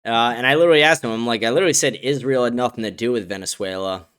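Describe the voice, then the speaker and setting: A man's voice: medium pitch, racing, fairly bright tone, clear, resonant tone. A man hosting a live stream, talking in a blunt, profane, combative way as he reacts to viewer messages. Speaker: host. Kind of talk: casual live-stream commentary.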